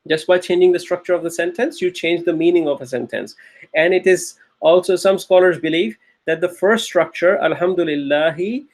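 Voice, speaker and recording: A man's voice: high-pitched, a little mellow. A man teaching a recorded Arabic grammar lecture, patiently repeating key phrases and often checking with "okay?".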